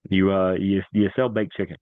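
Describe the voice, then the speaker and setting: A man hosting a casual sports talk show, excitable and animated, repeating himself for emphasis. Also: deep voice, brisk, no echo. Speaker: sports podcast host. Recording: dry, tinny phone-like sound.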